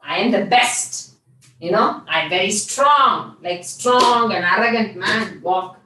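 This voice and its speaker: A woman's voice: medium pitch, takes it slowly, bright, forceful tone. A woman playing a proud, arrogant young male warrior who boasts and gives commands. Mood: boastful. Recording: very echoey room, far from mic.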